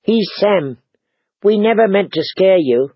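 A man voicing a shy young mother who gently apologizes. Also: high voice, lively intonation, measured pace, breathy edge, dry recording, lo-fi sound, pitched above the performer's own voice, full character voice. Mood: apologetic. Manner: soft and apologetic. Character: timid young wildling mother, soft and apologetic.

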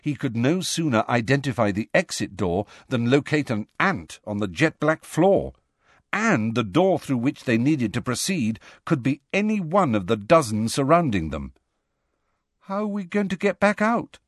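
A man reading a novel aloud as an audiobook narrator, in a measured storytelling manner. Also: mid-range voice, very animated, no room sound, clean studio sound. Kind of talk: scripted narration.

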